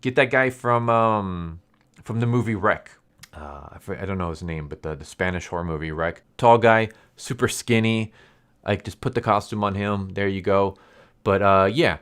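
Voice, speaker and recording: Male reviewer, deep voice, loose rambling recap style. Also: normal speed, a bit bright, clear, resonant tone. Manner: rambling retelling with fillers and quoted dialogue. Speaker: video reviewer. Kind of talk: casual recap commentary.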